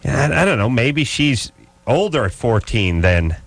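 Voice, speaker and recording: A man hosting a radio call-in show, telling stories in a rambling, animated way. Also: medium pitch, measured pace, a little hiss or hum. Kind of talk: casual talk radio banter.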